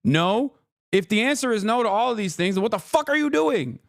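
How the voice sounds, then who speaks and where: A man's voice: high voice, very animated, brisk, creaky, no room sound, studio quality. A man streaming, ranting in exasperated political commentary, sarcastic and swearing freely.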